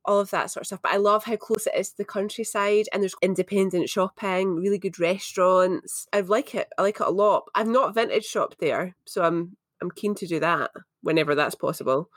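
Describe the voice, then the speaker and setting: A woman's voice: medium pitch, no echo, clean studio sound. A woman with a Scottish accent, co-hosting a podcast in an enthusiastic, chatty way. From Scotland. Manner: chatty, enthusiastic, quick asides. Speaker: podcast co-host. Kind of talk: casual chat.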